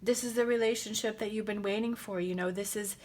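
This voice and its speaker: A woman's voice: medium pitch, fairly even intonation, fairly quick. Emotional woman giving a rambling tarot reading. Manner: gentle, rambling, emotional, laughs often. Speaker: tarot reader.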